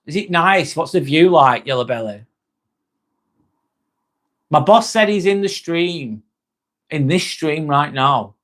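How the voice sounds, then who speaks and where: A man's voice: a little high, lively intonation, takes it slowly, long pauses, a bit bright. A young man hosting a casual livestream, reading viewers' comments aloud and answering them in a chatty, reassuring way. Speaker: livestream host. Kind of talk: casual live-stream chat reading comments.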